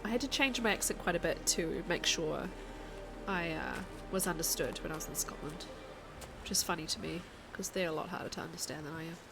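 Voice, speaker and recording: Softly accented New Zealand woman streaming. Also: low voice, a little fast, creaky, over music. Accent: New Zealand, soft. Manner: chatty, reads chat aloud, thinks out loud. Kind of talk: casual live gaming chat.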